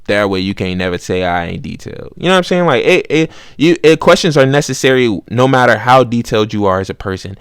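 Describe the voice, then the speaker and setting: Young male podcast host, mid-pitched, slangy and loose, dry close mic. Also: lively intonation, quick pace, few pauses, clear, resonant tone, dry recording. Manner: conversational, street slang, acts out both sides of arguments. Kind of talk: casual monologue.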